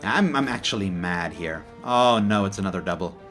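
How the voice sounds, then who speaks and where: A man's voice: deep voice, expressive, moderate pace, a bit bright, faint music behind. A man commentating his own game as host of a let's play, talking in a frustrated, openly salty way with frequent sighs. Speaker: gaming channel host.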